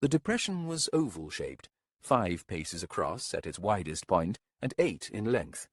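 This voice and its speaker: Slow, husky male audiobook narrator. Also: low-pitched, big pitch swings, no echo, clean studio sound. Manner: measured, descriptive storytelling. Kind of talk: scripted narration.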